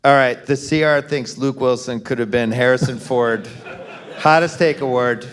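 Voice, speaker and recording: Animated man hosting a live podcast. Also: mid-range voice, normal speed. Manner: animated, handing out mock awards and calling on panelists. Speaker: podcast host. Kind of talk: casual chat on a live podcast panel. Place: live stage in a concert venue.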